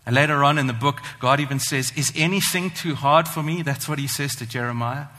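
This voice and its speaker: A man preaching a sermon, earnest and emphatic, slowing down to stress the scripture he reads. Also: mid-range voice, sharp tone. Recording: long hall reverb.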